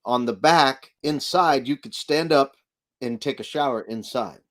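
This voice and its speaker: A man's voice: mid-range voice, a little slow, fairly bright tone. Easygoing male live-stream host. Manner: easygoing, reads viewer comments aloud. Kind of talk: casual live-stream chat.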